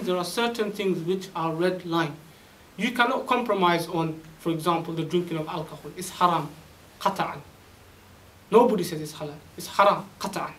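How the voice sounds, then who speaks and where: A man preaching an Islamic lecture in a high-pitched, insistent voice. He presses his points with rhetorical questions and recites Arabic verses. The mic sits some distance away, with a faint hiss under his voice. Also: a bit bright. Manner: emphatic, rhetorical questions, quotes Arabic scripture. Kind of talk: religious lecture.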